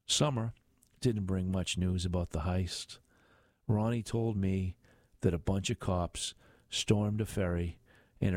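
An older man narrating a memoir audiobook in a measured, reflective way. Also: deep voice, a little mellow, no room sound.

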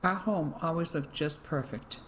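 Older stiff gentleman, clipped and self-pitying, put on by an audiobook reader; plain storybook reading. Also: medium pitch, a little slow, slight background noise, natural voice. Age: 60s.

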